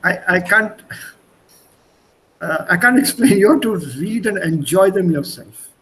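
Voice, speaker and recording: A man's voice: sits high, lively intonation, a little slow, fairly bright tone, low-quality recording. Chatty man teaching online. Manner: chatty, repeats words, switches between languages. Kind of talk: online language lesson. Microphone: video call.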